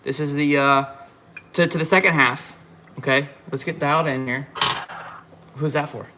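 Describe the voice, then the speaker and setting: Buzzed guy on a live halftime fan stream, all fired up and tripping over his words, kinda high-pitched. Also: normal speed, background noise. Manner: fired up, excitable, rambling with restarts. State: tipsy. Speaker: fan livestream host. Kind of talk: live halftime reaction chat.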